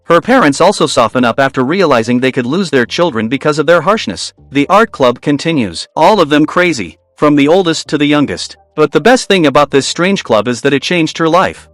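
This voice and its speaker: A man's voice: on the high side, big pitch swings, fairly quick, hardly any pauses, a bit bright, no room sound. A man narrating a recap of a school romance drama in a casual, scripted way with wry asides.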